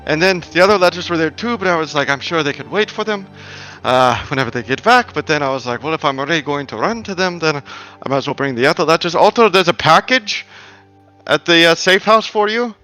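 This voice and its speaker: A man's voice: a little high, animated, fairly quick, pushed and bright, soft background music, voice pushed up. A man voicing an eager young male messenger who is out of breath, rambling and over-explaining in a tabletop game. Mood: earnest.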